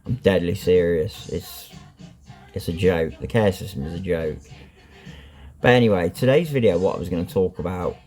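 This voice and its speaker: Over soft background music, a man with a deep, warm voice at normal speed vlogs candidly about his life. He's blunt and frank, swears, and rambles with lots of ums and you-knows.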